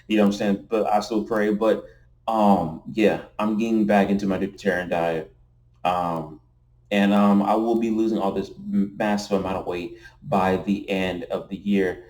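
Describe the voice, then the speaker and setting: A man's voice: fairly low pitch, fairly even intonation, moderate pace, a little mellow. A man vlogging casually to a camera indoors, rambling and repeating himself, often tossing in "you know what I'm saying". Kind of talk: casual rambling vlog talk. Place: indoors at night next to window blinds. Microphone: camera facing him.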